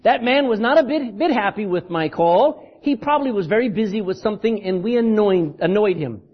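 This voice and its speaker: A man voicing a calm, dry-witted father making prank calls, in a dull lo-fi recording. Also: high voice, fairly quick, breathy edge. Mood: explaining. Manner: calm, teasing.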